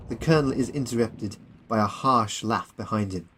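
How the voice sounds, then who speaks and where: A man's voice: fairly low pitch, normal speed, a bit bright, a little hiss or hum, low-quality recording. A man narrating his own war story as an audiobook. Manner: plain storytelling. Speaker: narrator and author.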